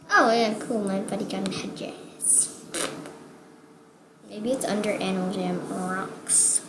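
A young woman vlogging about a game, excitable and rambling, often dropping to a whisper. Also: a little high, normal speed. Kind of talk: casual gaming vlog. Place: home room. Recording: echoey room with background noise. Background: TV sports broadcast playing.

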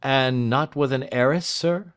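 A man voicing a dry, shrewd, whimsical male lawyer who is quick with pointed questions. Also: mid-range voice, a bit bright, clean tone, pitched above the performer's own voice, lightly acted. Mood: alarmed.

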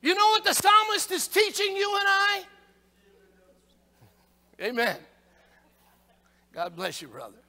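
Pastor, male, very high and bright voice, slow emphatic preaching. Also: huge pitch swings. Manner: emphatic preaching, rising to shouts on rhetorical questions. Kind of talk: sermon. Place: church sanctuary. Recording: long church hall reverb.

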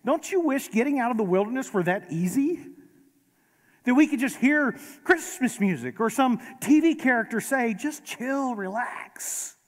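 A man preaching a sermon as pastor, conversational and gently humorous, in a large church sanctuary. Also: very high-pitched, animated, normal speed. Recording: long reverb of a large hall.

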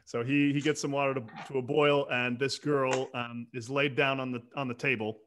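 A man narrating a tabletop role-playing game as game master, relaxed and quick to laugh. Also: mid-range voice, a little hiss or hum.

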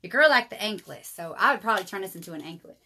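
A woman's voice: medium pitch, lively intonation, racing, sharp tone. Chatty woman selling jewelry. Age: 30s. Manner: chatty, addresses viewers as y'all. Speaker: jewelry seller. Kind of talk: live jewelry sales stream.

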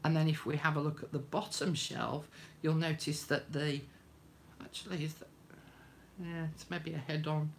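A woman's voice: low-pitched, level tone, moderate pace, gravelly, a little hiss or hum. A woman hosting a live craft demonstration, chatting homely and greeting viewers by name. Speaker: craft tutorial host.

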